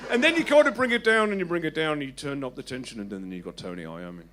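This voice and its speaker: An English stand-up comedian talks on a club stage in an animated, sweary way, full of emphatic asides. His voice is high and swings widely in pitch. He speaks through a handheld stage microphone. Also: very fast, few pauses, slight background noise.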